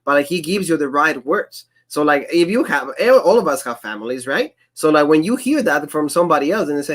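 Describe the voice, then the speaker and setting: A man's voice: a little high, animated, fairly quick, hardly any pauses, a bit bright. A man co-hosting a casual wrestling review, enthusiastic, laughing often and acting out what wrestlers said. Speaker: wrestling show co-host. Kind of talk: casual podcast chat.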